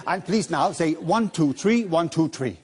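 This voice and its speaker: A man's voice: fairly high pitch, expressive, a little slow, a little mellow. Playful man doing a pickpocket stage act. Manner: playful, teasing, coaxing audience volunteers. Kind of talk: live stage patter with volunteers.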